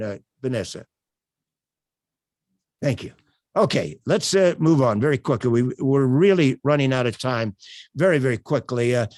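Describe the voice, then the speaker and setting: An older man presenting a sales workshop over a video call, telling stories in an animated way with frequent fillers. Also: mid-range voice, dry recording, clean studio sound. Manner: animated, projecting, storytelling with many fillers.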